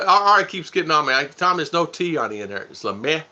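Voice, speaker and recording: On a casual live stream, this co-host trades jokes with his wife and calls out viewers by name. His voice is fairly high, sharp and sing-song, and he talks quickly, all captured in dull, lo-fi audio.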